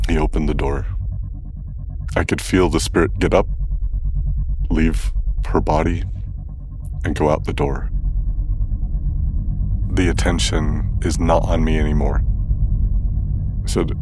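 A tattoo practitioner telling a personal story in a calm, measured way. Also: male voice, extremely low pitch, slight background noise.

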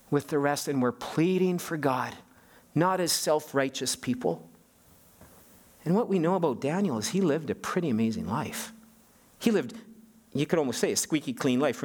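A man preaching a sermon as pastor. He speaks emphatically and often restarts and repeats his words. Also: medium pitch.

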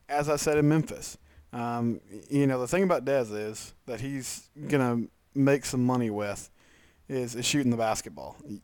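Sports podcast host, male, mid-pitched, crisp clean voice; casual, enthusiastic and self-mocking. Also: dry recording.

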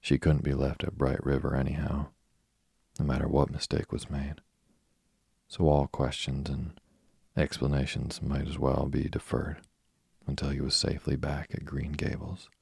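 A man narrating a classic novel as a slow, even bedtime story. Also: rumbling low, vocal fry, breathy edge, dry recording, studio quality.

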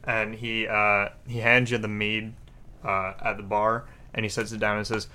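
A man narrating a tabletop game as game master in a relaxed, hesitant way. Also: lowish voice, normal speed, clear, resonant tone.

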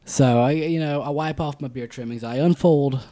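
A man's voice: fairly high pitch, normal speed, dry recording, clean studio sound. A young man co-hosting a podcast, casually telling a funny story and acting out the lines. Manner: animated storyteller, acts out quotes. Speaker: podcast co-host.

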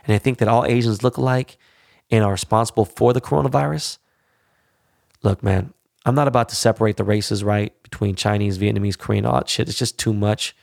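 A man speaks in a low, gravelly voice, heavy with vocal fry. The sound is dry and close, with no room around it. He rants bluntly to his listeners, swears freely and keeps checking in with "you know?" and "all right?". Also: fairly even intonation, brisk, darkish tone, dry recording. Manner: frequent tag questions like "all right?". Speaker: podcast host. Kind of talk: profane monologue.

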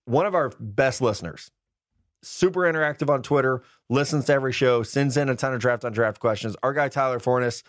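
A man in his thirties hosting a casual sports podcast, upbeat and joking with quick asides. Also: mid-range voice, no echo, studio quality. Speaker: podcast host.

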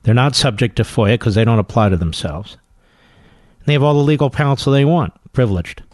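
A male talk radio host holds forth in a combative, emphatic monologue, drawing out words to drive each point home. His voice sits at an ordinary middle pitch. It is recorded close and completely dry on a studio mic. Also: fairly quick, no room sound.

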